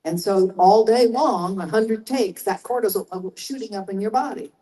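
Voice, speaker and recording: A woman's voice: mid-range voice, normal speed, warm tone, low-quality recording. Older woman telling stories on a panel. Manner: chatty, explains with asides to the audience. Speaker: convention panel guest. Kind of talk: live panel storytelling. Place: convention panel room.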